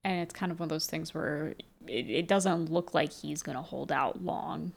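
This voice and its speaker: A woman's voice: deep voice, moderate pace, gravelly. A woman chiming in casually on a podcast chat about a video game, laid-back and brief.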